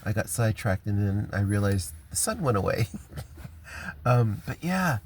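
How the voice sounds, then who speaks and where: A man's voice: fairly low pitch, sing-song, moderate pace, a little hiss or hum. An American man talks casually to his viewers, rambling with many ums and restarts, recorded on a phone inside a parked car. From United States. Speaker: vlogger.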